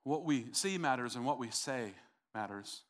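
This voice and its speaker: A man's voice: medium pitch, animated, normal speed, a bit bright. A middle-aged man preaching a sermon, emphatic and repetitive, calling out to the congregation. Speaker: pastor.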